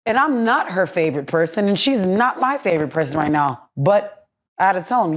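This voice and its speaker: A woman's voice: on the low side, expressive, a little fast. A young woman, a podcast guest, talking bluntly and heatedly in a candid interview, with plenty of swearing. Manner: blunt, profane, heated ranting.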